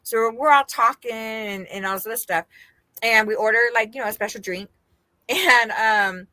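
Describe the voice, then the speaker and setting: A woman from Las Vegas co-hosting a podcast, telling a story in casual chat, animated and laughing as she quotes the people in it. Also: a little high, moderate pace, no room sound. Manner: animated, laughing, quoting others in her story. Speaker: podcast co-host.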